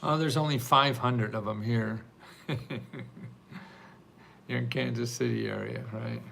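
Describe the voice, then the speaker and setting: A man's voice: medium pitch, a little slow, creaky, pushed and bright, slight background noise. An older man hosting a live video stream, answering viewer questions in a chatty, rambling way and laughing often. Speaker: livestream host answering viewer questions about grants. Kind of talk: casual live Q&A.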